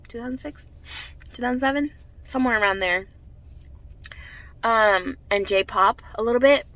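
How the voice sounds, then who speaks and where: A woman's voice: medium pitch, pushed and bright, low-quality recording. A woman in her thirties chatting casually to her vlog viewers, rambling freely from one thought to the next. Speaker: vlogger. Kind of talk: casual chat.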